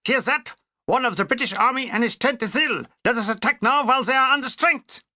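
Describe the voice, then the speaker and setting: A man's voice: very high voice, brisk, sharp tone, dry recording, studio quality, voice pushed up, exaggerated voice. A man reading a war memoir aloud and putting on a pompous, declamatory voice for Hitler issuing a war directive.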